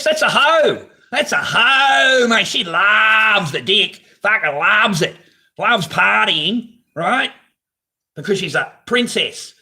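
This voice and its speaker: A man's voice: high voice, pushed and bright. A man hosting a live stream from his garage on a phone camera, talking casually in a blunt, profane, ranting way. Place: home garage.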